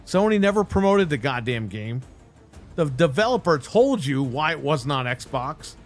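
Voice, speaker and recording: A man with a fairly high voice delivers a heated, profane rant on a live stream. He talks bluntly and mocks the voices of the people he is complaining about. Faint music plays behind him. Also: sing-song, a little slow. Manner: angry, blunt and heavily profane, mocking voices he quotes.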